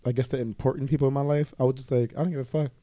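A man in casual chat, telling a story in a profane, animated way, full of "like" and quoted dialogue. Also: medium pitch, rapid-fire, dry recording, clean studio sound. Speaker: guest telling his coming-out story.

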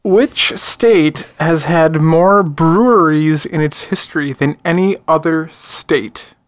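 A man's voice: a little high, slow, dry recording, clean studio sound. A man co-hosting a beer podcast and asking quiz questions, teasing the others while tipsy. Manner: teasing, animated. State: tipsy from drinking. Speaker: podcast co-host and quizmaster. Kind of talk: casual drunk banter.

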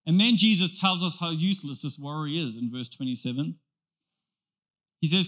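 A male pastor delivering a sermon with a high voice that sounds bright and forceful. He preaches emphatically and builds his points through rhetorical questions and repeated phrases. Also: big pitch swings, normal speed.

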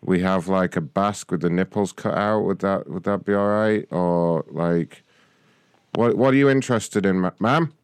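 A man hosting a radio prank call, talking in a deadpan, mock-official way. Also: low-pitched, normal speed, clear, resonant tone, no echo.

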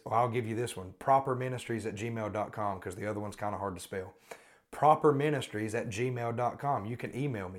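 A man hosting a Christian podcast, pleading earnestly with listeners and repeating pointed questions. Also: mid-range voice. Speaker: podcast host and Christian teacher. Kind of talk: earnest spoken exhortation.

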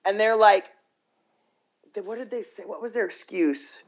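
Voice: mid-range voice, moderate pace, poor audio. A podcast co-host chatting casually, rambling through a story, acting out the quotes and swearing freely. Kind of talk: casual chat, retelling a documentary.

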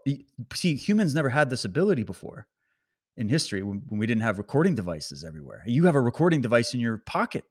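A man delivering a casual, animated political commentary monologue, rambling and indignant. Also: medium pitch, no echo, clean studio sound.

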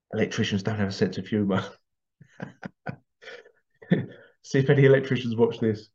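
A man's voice: medium pitch, a little mellow. A middle-aged man telling rambling anecdotes in a casual monologue, chuckling often and repeating himself. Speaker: tradesman vlogger. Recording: slightly dull lo-fi recording.

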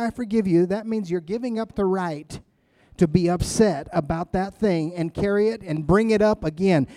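Man preaching, high voice, emphatic and conversational, dry close sound. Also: dark tone, dry recording. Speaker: pastor. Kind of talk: sermon.

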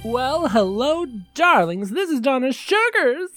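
A man putting on a high falsetto voice as a campy, theatrical drag hostess. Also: sing-song, a little slow, fairly bright tone, faint music behind, heavily acted.

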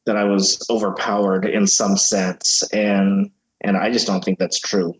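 A man co-hosting a podcast, adding points in a measured way with everyday analogies. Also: on the low side, flat delivery, rough recording. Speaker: podcast co-host. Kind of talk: casual theological discussion.

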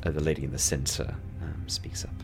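A man narrating as game master of a tabletop game, animated and self-deprecating. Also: a bass voice, brisk, in a whisper.

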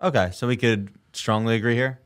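A man's voice: medium pitch, steady tone, brisk, smooth. A young man co-hosting a casual podcast chat, asking pointed questions and teasing dryly. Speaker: podcast co-host.

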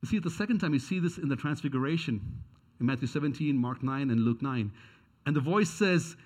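A man's voice: mid-range voice, animated, fairly quick, a little mellow. A man preaching a sermon as pastor. He speaks earnestly and repeats his key questions for emphasis.

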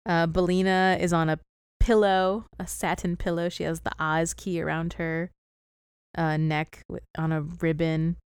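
Woman, casual film-recap chatter, laughs a lot; crisp, dry close sound. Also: lowish voice, level tone, measured pace, dry recording. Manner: chatty plot recap, giggly. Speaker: podcast co-host recapping a film. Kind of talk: casual chat.

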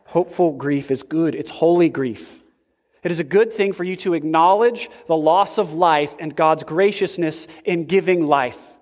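In a large hall full of long reverb, a man preaches as pastor. His delivery is slow and emphatic, marked by sudden jumps in pitch.

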